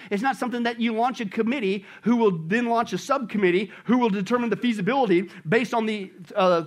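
Male preacher, high-pitched, animated, quizzes his congregation mid-sermon. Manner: animated, asks the congregation rhetorical questions. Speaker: pastor.

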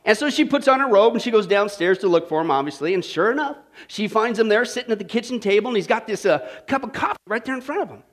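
A male pastor preaching a sermon, telling a joke and then driving into scripture with lively energy. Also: high-pitched, quick pace, hardly any pauses. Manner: energetic, joking storyteller preaching.

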